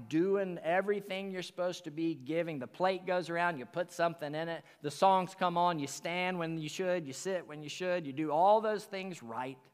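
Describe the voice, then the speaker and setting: High-voiced guy preaching a slow sunday sermon in a church, big hall echo, gets loud then drops to a whisper. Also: clean tone. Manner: earnest preaching, rises and drops to near whisper. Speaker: pastor. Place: church sanctuary.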